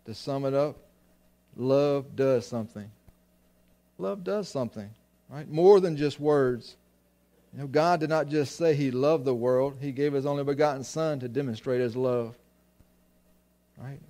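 A man's voice: medium pitch, steady tone, normal speed, mellow. A man preaching a sermon to his congregation, often restarting phrases and asking them questions. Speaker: pastor.

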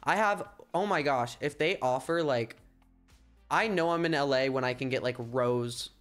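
A man's voice: mid-range voice, normal speed, a bit bright, faint music behind. A young American man chatting casually and playfully on a livestream, rambling with filler words. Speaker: streamer.

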